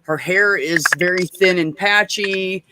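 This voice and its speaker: A man's voice: sits high, measured pace, noisy background. A man in casual chat, telling stories bluntly with plenty of swearing. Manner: blunt, profane storyteller.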